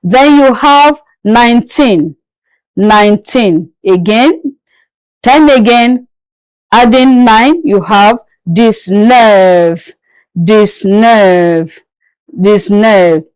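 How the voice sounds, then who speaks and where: A woman teaching French numbers in a slow language lesson, patiently repeating each word several times. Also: mid-range voice, a little mellow, smooth, no echo, low-quality recording.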